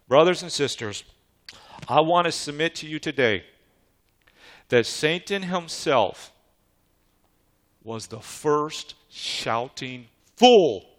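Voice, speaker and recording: Male pastor, sermon, slow deliberate delivery, fairly high voice, asks the church questions. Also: animated. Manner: emphatic preaching with call-and-response questions to the congregation.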